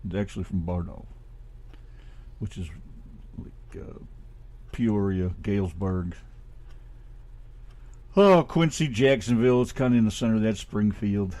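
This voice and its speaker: A man's voice: on the low side, a little slow, pauses often, warm tone. A middle-aged man from Ohio with a Midwestern American accent, co-hosting a radio show in rambling, casually profane chat.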